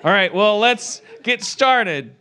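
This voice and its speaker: Brief: comic host, high animated voice, unhurried, self-mocking improv with sudden yells. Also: male voice. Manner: goofy, self-mocking, bursts into shouts. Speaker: podcast host. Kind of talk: improvised comedy scene.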